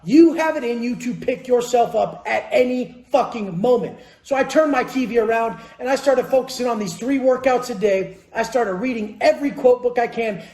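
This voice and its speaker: Profane high-voiced man, echoey room. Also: darkish tone. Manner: profane, blunt, motivational. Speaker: vlogger. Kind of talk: casual storytelling.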